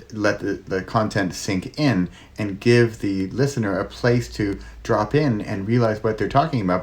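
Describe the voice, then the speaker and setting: A middle-aged man hosting his own solo talk, shifting his pace and loudness and dropping to near whispers to show how pauses work. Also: on the low side. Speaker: host.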